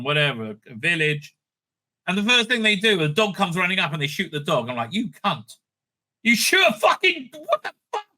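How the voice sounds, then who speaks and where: Tense, sharp-voiced man ranting profanely. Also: on the high side. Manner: profane, rambling, animated rant with many restarts. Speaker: rabbi and online commentator. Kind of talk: rambling casual commentary.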